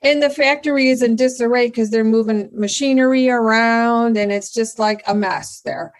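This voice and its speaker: A middle-aged woman, a company founder, telling a story in a casual interview with lively energy and acting out her own remarks. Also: on the high side, normal speed. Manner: animated, excitable storyteller who acts out her own lines.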